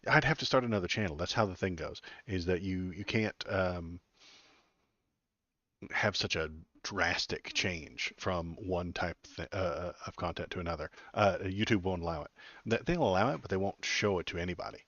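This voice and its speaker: A man's voice: low-pitched, moderate pace, a bit bright, dry recording. A man hosting his own political live stream from home, chatting casually in a rambling, self-deprecating way with lots of fillers. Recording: dry, slightly dull lo-fi audio.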